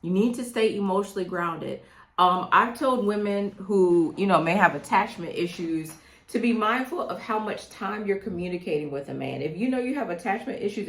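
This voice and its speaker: A middle-aged woman coaching women on dating in a direct, emphatic way, often checking in with "okay?". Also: medium pitch. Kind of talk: direct advice monologue. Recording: echoey room.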